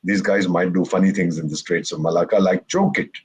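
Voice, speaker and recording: A man's voice: sits low, fairly even intonation, fairly quick, husky, rough recording. A man from India, a retired ambassador on a discussion panel, telling stories with sarcasm and acting out quoted remarks. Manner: wry, sarcastic storyteller who acts out quotes. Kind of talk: lively panel talk with jokes and quoted asides.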